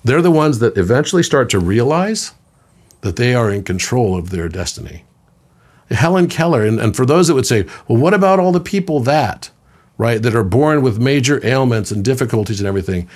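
A man in his fifties, a podcast guest, talking in a conversational, storytelling way, sometimes doing voices for quoted people. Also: brisk. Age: 50s. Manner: animated storyteller, puts on high voices for quoted children.

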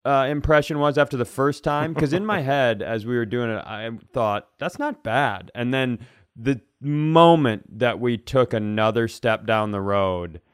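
A man's voice: medium pitch, measured pace, clean tone, dry recording, clean studio sound. A man co-hosting a comedy podcast, rambling and riffing with profane asides. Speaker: podcast co-host. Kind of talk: casual comedic chat.

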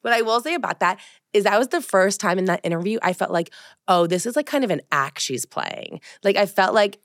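A young woman co-hosting a podcast in casual chat, an animated storyteller who acts out quotes. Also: mid-range voice, brisk, no room sound, studio quality. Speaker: podcast co-host.

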